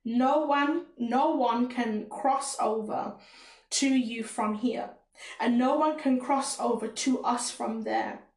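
A man's voice: extremely high pitch, takes it slowly, full character voice. A woman with a Caribbean accent voicing Abraham, a stern old patriarch, in a scripture reading. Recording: roomy echo.

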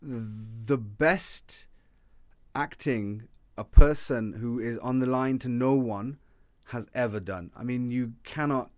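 A man's voice: mid-range voice, takes it slowly, darkish tone, no echo, studio quality. A man co-hosting a casual film review chat, rambling with many restarts and fillers. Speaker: podcast co-host.

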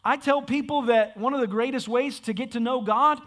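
High-voiced man preaching a sermon. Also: moderate pace, a bit bright. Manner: emphatic preaching with repetition. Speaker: pastor. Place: church sanctuary.

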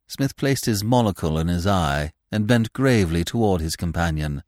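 A man narrating a classic story as an audiobook, with an expressive, wry storytelling delivery. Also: low-pitched, normal speed, hardly any pauses, dry recording, studio quality.

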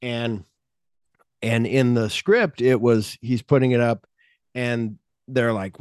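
A podcast host with a clear, resonant, mid-range voice speaks slowly and pauses often, casually retelling scenes from a film script. He's an animated storyteller who acts out quotes in a raised voice and swears a lot. The recording is dry and close, with no room echo.

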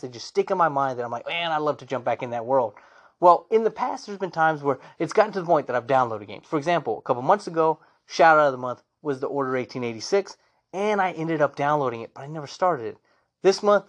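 A man hosting a gaming show, telling stories about his playthroughs with enthusiasm. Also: a little high. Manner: animated, enthusiastic storytelling. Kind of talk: casual solo gaming talk.

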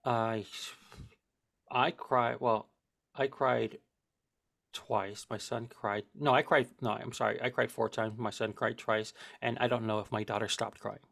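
A man in his thirties co-hosting a podcast, joking and talking in halting starts with many fillers. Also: medium pitch, fairly even intonation, gravelly, fairly bright tone, no room sound. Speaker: podcast co-host. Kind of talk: casual chat.

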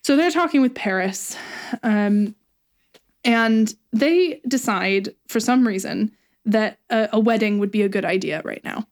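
A woman's voice: mid-range voice, measured pace. A woman casually retelling a play's plot in a chat, with laughs and irreverent asides. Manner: chatty, laughing, paraphrases lines irreverently. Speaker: podcast co-host retelling a play.

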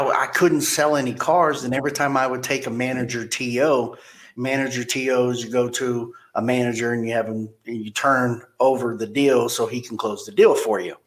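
Storytelling man in a roomy echo. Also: medium pitch. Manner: rambling, repeats words, animated retelling. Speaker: car dealership general manager. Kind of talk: casual interview storytelling.

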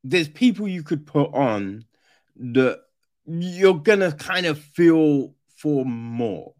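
A man giving a casual, profane film review, animated and often mimicking characters. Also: on the high side, takes it slowly.

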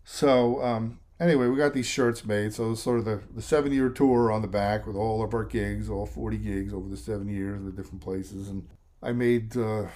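A man's voice: lowish voice, steady tone, normal speed, darkish tone. Middle-aged American man, talkative guest storyteller; loose, rambling, mimics others when quoting. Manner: rambling storyteller, quotes others in voices, emotional at times. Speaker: songwriter and lead singer, guest. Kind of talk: casual interview chat.

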